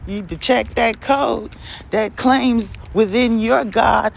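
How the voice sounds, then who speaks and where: A woman hosting her podcast, preaching in an emphatic monologue full of rhetorical questions and laughs, with dramatic swings between high and low. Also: takes it slowly, vocal fry, slight background noise. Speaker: podcast host.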